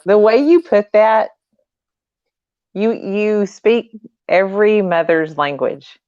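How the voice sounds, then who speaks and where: A woman host who praises her guest warmly and then talks about her own time as a stay-at-home mother. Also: mid-range voice, slow pace, no room sound. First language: English. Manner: warm, effusive praise. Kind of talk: casual chat. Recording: dull lo-fi sound.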